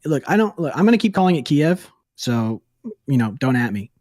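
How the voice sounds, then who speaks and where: A man's voice: on the high side, big pitch swings, a little fast, darkish tone, dry recording, clean studio sound. A man co-hosting a casual podcast, cracking jokes and swearing freely. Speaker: podcast co-host.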